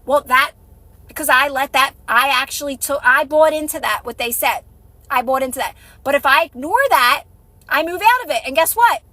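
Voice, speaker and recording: A woman's voice: high-pitched, normal speed, bright, forceful tone, no echo. A woman with children giving a motivational talk on a live stream, emphatic and repetitive, acting out little scenes as she goes. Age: adult with kids. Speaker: manifestation coach.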